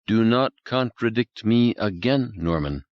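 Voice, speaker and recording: Brief: a man doing a slow, stiff, threatening alien entity with a childish grudge, audiobook read, dry and slightly dull sound. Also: fairly low pitch, lively intonation, dry recording, voice pushed up. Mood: menacing. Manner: slow, stiff, formal and menacing. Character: cold hostile alien intelligence, childlike and vengeful.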